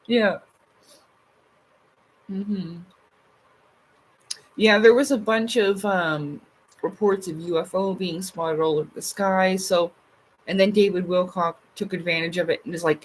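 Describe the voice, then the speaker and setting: A woman's voice: mid-range voice, normal speed, husky, rough recording. Chatty swearing woman on a livestream. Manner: chatty, swears freely, many "like" fillers. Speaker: livestream host. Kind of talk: casual live chat reading comments.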